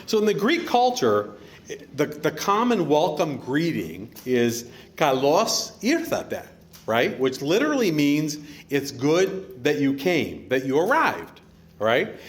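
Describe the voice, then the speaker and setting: A middle-aged man, father of the bride, giving a joking wedding reception speech and teaching the guests a greeting. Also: fairly high pitch. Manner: lively, teaching the crowd a Greek greeting, joking. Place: outdoor wedding reception venue.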